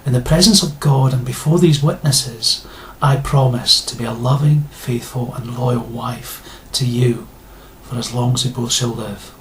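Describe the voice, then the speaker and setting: A man's voice: medium pitch, steady tone, unhurried, a little hiss or hum. A man delivering a sarcastic, indignant rant to his viewers, blunt and given to swearing. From Scotland. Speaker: video blogger. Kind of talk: ranting monologue to camera.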